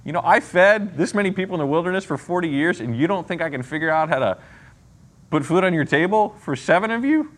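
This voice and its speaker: An exasperated God chides his people with pointed rhetorical questions, as a man puts him on. The voice swings widely in pitch as he scolds. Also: big pitch swings, moderate pace, fairly bright tone.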